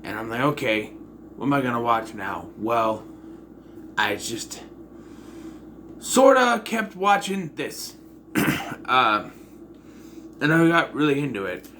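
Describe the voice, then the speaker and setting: A man giving a casual, rambling spoken movie review, often clearing his throat. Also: medium pitch, expressive, slow pace, pauses often, pushed and bright, a little hiss or hum.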